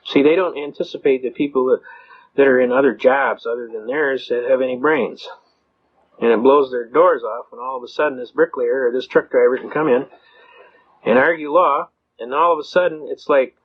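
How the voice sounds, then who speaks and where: A middle-aged man from the United States tells courtroom stories in a blunt, folksy lecture about representing yourself in court, often repeating words as he starts sentences. His voice is a little high with a breathy edge, and he talks slightly fast. The recording is dull and lo-fi.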